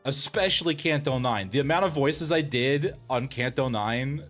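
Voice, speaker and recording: A man's voice: mid-range voice, moderate pace, fairly bright tone, soft background music. A man chatting casually with his live stream audience in a self-deprecating way, laughing often. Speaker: streamer and voice actor.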